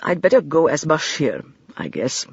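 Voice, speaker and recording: A man's voice: fairly high pitch, sing-song, normal speed, gravelly, husky, no room sound, dull audio, full character voice. Narrator reading a dry, practical man. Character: practical adult male travel companion. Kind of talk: audiobook character reading.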